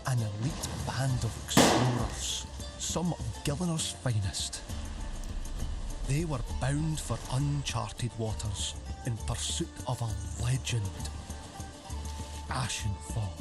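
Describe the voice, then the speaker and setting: A man narrating a fantasy legend for a game trailer, slow and dramatic, with grave pauses. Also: medium pitch, natural voice. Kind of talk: scripted epic narration. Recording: trailer audio under loud music.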